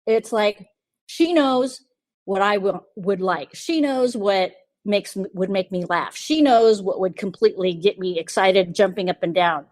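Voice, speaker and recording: A woman's voice: medium pitch, unhurried, no echo. Woman, podcast host, casual storytelling, confiding and chatty, dry close sound. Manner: chatty, confiding, quotes others in lively asides.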